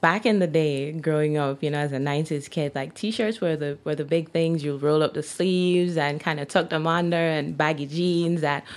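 A woman's voice: deep voice, fairly even intonation, normal speed, hardly any pauses. A Jamaican woman in her thirties, a guest in an interview, chatting casually with many fillers and laughs. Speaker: guest, T-shirt brand owner.

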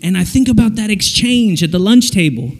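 A man giving a playful, animated children's sermon in a camp dining hall, full of jokes and sound effects. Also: sits high, a little fast. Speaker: children's speaker.

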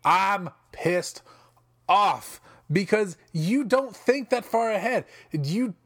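Man ranting, high and lively. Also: slow pace, no echo, clean studio sound. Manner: exasperated, animated ranting with profanity and restarts. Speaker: wrestling podcast commentator. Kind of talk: ranting commentary.

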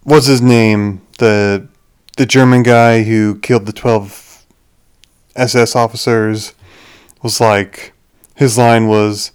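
A man's voice: on the low side, steady tone, slow pace, long pauses, clean tone. A young man hosting a podcast, rambling through a casual movie review with frequent restarts. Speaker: podcast host.

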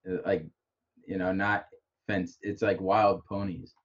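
A man's voice: deep voice, flat delivery, a little slow. Rambling man with a faint Chicago accent. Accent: slight Chicago. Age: middle-aged. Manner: rambling, many fillers and restarts. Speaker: podcast host. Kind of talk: casual chat. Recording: dull lo-fi audio.

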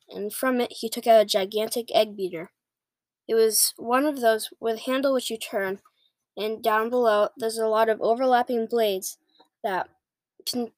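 A woman's voice: fairly high pitch, dry recording. A woman reading a children's book aloud, now and then stumbling and restarting words. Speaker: reader.

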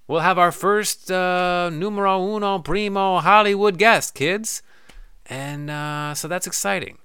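Casting: male podcast host, solo rant, bright clear tone, dry close sound. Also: medium pitch, no echo. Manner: loose, profane, joking, breaks into goofy voices. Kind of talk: solo podcast rant, reading listener messages.

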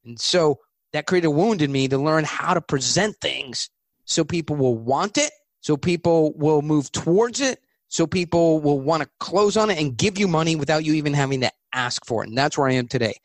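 A male author from California, talking as an interview guest and telling animated anecdotes. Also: fairly high pitch, no echo. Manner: animated, anecdotal, quick asides. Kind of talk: conversational interview storytelling.

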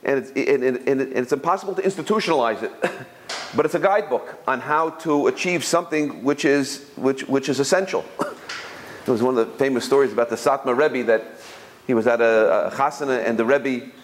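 A man giving an informal religious lesson, telling stories and often repeating words as he searches for his phrasing. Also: brisk. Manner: storytelling, jumps higher when quoting others. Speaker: Torah teacher.

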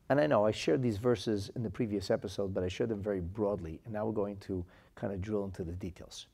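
A man's voice: on the low side, vocal fry, husky. A man teaching a religious text, reading out quotations and explaining them with emphasis. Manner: animated, emphatic, reads Hebrew quotes then translates. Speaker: Torah teacher.

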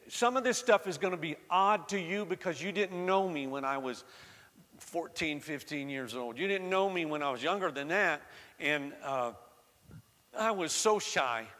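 A man's voice: on the high side, sharp tone, long reverb tail. A man from the American South with a slight Southern accent, preaching a sermon in a conversational storytelling way that rises to fervent emphasis. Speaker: pastor.

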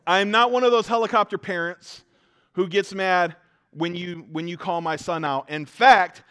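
A man preaching a sermon, telling self-mocking stories with lively jumps between loud and quiet. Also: sits high, normal speed, smooth. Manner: joking, self-mocking storytelling; animated, swings from loud to quiet. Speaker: pastor.

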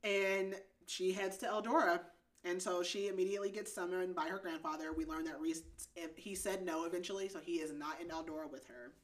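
A woman's voice: on the low side, steady tone, brisk. A woman hosting a podcast, casually recapping a romance novel with lots of "like" and frequent giggles. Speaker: podcast host. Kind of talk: casual book recap chat.

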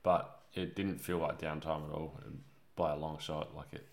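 A man's voice: a bass voice, little pitch movement, normal speed, gravelly. A man with an Australian accent in casual chat as a podcast co-host, laid-back with dry humor.

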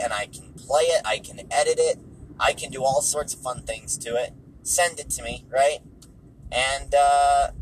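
A man's voice: mid-range voice, a little hiss or hum, low-quality recording. A tired, hungry man hosting a casual solo podcast, offhand and dismissive, repeating himself, recorded in a car. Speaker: podcast host.

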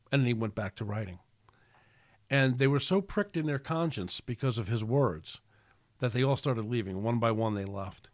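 A man talks through a casual solo podcast in a preachy, rambling way, starting over and filling gaps as he goes. His voice sits at a middling pitch. The close recording is dry, with no room sound around it. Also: moderate pace, no echo. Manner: rambling, preachy, with many restarts and fillers. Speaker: podcast host.

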